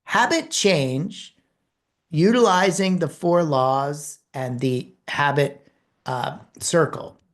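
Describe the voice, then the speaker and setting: A woman who works as a speaker and communication trainer, giving a course lecture in an animated storytelling manner with emphatic pauses. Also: deep voice.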